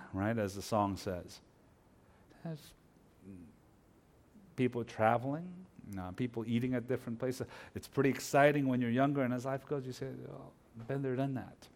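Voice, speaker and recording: Male pastor, middle-aged, storytelling sermon that moves between quiet asides and loud animated peaks. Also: mid-range voice, moderate pace.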